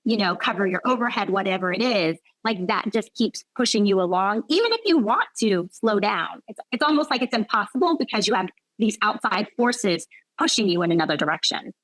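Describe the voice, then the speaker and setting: A woman's voice: mid-range voice, expressive, brisk, a bit bright, no echo, low-quality recording. A woman physician talking reflectively in an interview, often adding "right?" and "like" as she thinks aloud. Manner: reflective, frequent "right?" and "like" fillers. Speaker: physician guest. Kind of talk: conversational interview.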